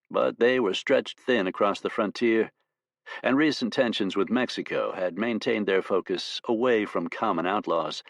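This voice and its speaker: A man narrating an audiobook in a steady, measured storytelling voice. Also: on the low side, no echo.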